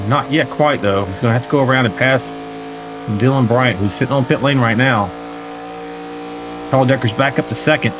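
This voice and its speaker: Guy commentating a sim stock car race, casual and jokey, reads the chat, mid pitch, car engines roaring behind him. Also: brisk, pauses often, noisy background. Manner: conversational, reads viewer chat aloud, joking asides. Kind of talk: live sim-racing play-by-play commentary. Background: racing car engines.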